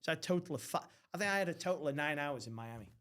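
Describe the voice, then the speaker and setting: A man's voice: fairly high pitch, quick pace. A young man hosting a podcast, telling rowdy stories in casual chat with lots of swearing and mimicked voices. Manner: swearing, animated, mimics others. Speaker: podcast host.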